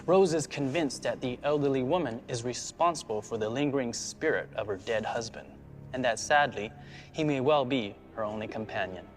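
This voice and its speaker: Male narrator, mid pitch, calm somber doc voiceover, light music underneath. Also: normal speed. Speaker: documentary narrator. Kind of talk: scripted narration.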